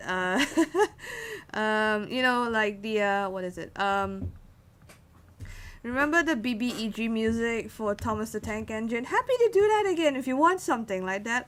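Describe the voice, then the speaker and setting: A woman's voice: a little high, a bit bright. A woman composer chatting casually with her livestream viewers, rambling with many fillers as she answers chat.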